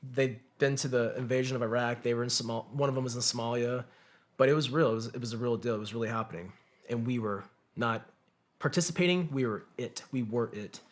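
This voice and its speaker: A combat veteran talks fairly quickly at a medium pitch while recounting his war experiences as a podcast guest. His conversational story is profane and vivid, with free swearing and acted-out quotes from other people.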